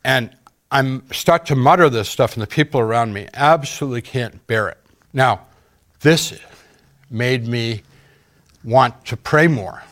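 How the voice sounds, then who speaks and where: A man's voice: medium pitch, a bit bright. Earnest man recounting a personal ordeal. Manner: earnest, halting, with frequent pauses and fillers. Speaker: interview guest. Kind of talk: personal testimony in an interview.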